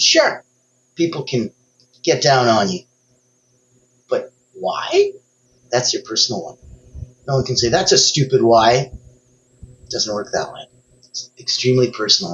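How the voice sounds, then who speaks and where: A man coaching through a motivational talk speaks emphatically and straight to the listener, his pitch jumping suddenly upward on key words. His tone is fairly bright, and the highs are cut off.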